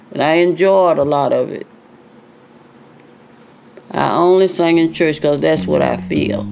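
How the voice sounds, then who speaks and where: A retired singer, now older, chats through an interview full of stories, acting out other people's voices and frequently adding "you know." Her voice is on the low side, darkish in tone, with vocal fry.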